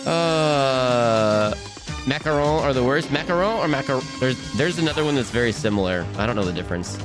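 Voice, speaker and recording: A man's voice: medium pitch, animated, normal speed, over music. A man hosting a cartoon watch-along stream from home at his computer, rambling and giggling as he answers chat. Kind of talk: casual live-stream chat.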